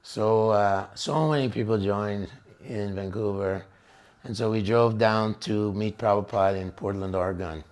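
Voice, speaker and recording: A man's voice: fairly low pitch, steady tone, a little slow, darkish tone. An older man telling stories from his youth in a rambling, casual way, often laughing and acting out what others said. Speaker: devotional speaker recounting memories. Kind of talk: casual storytelling talk.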